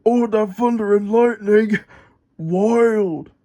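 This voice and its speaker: A man reading a storybook aloud and voicing a relaxed talking steamroller with a rumbling drawl. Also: slow. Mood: laid-back. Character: laid-back rumbling steamroller machine.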